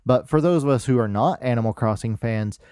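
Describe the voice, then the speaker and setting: A man co-hosting a casual video game podcast, measured and hesitant, often pausing on fillers. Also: mid-range voice, darkish tone, clean tone, no echo, studio quality. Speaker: podcast co-host. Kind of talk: casual chat about video game news.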